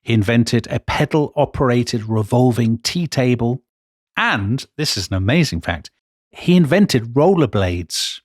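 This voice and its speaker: A man's voice: medium pitch, lively intonation, measured pace. A man tells history stories to his co-host with real enthusiasm, reading out old quotes with relish. The sound is dry and close, with no room echo. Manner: enthusiastic storyteller, quoting old accounts with gusto. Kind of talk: storytelling history chat.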